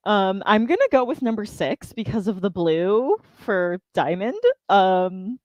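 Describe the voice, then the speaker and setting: A woman's voice: medium pitch, slow, no room sound. Giggly woman hosting a livestream. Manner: giggly, animated, laughs often. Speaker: livestream host. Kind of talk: casual livestream chat.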